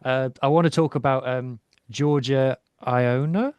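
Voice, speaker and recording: A man's voice: medium pitch, fairly even intonation, measured pace, darkish tone, smooth, no echo, dull audio. A man, talking enthusiastically and at length about rugby on a casual podcast, with frequent ums. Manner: enthusiastic, rambling with many ums. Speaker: podcast co-host. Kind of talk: casual sports chat.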